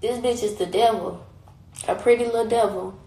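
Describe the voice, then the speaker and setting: Young woman, phone live stream, blunt heated rant, somewhat high voice, echoey room. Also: fairly even intonation, moderate pace, vocal fry, warm tone. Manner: heated, repetitive, blunt and profane. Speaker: livestreamer. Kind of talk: casual livestream rant.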